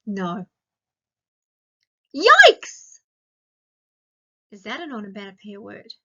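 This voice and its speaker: An Australian woman teaching a grammar lesson to young children, speaking slowly and clearly and asking lots of questions. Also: a little high, animated, heavy background noise. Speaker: primary school teacher. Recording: dull lo-fi sound.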